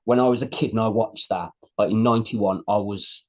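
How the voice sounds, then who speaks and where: A man's voice: fairly low pitch, a little fast, darkish tone, dull audio. A man in his late thirties co-hosting a podcast, chatting casually and telling stories with animation. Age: late 30s. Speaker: podcast co-host. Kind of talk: casual chat.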